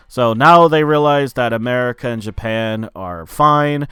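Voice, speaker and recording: A man's voice: medium pitch, animated, normal speed, bright, forceful tone, clean tone, dry recording, studio quality. A man casually recapping a movie plot for his review channel, loose and profane, with lots of filler words. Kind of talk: casual spoken film review.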